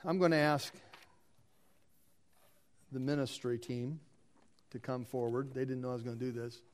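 A man preaching as pastor, moving between quiet asides and loud emphatic lines while leading a dedication. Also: mid-range voice, fairly even intonation, normal speed. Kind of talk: sermon and responsive reading.

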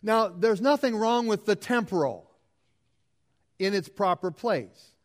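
Preaching man with a fairly high voice. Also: lively intonation, unhurried. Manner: preaching with rising emphasis and repeated phrases. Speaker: pastor. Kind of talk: sermon.

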